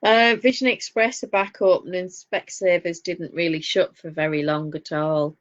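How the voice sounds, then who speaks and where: Chatting on a podcast she co-hosts, a Northern English woman spins anecdotes and laughs frequently. She speaks in a lowish, fairly even voice at a moderate speed, captured on muffled, lo-fi audio.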